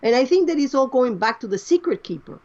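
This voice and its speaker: A woman co-hosting a casual fan podcast, animated and explaining at length. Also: high-pitched, fast, highs cut off. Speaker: podcast co-host.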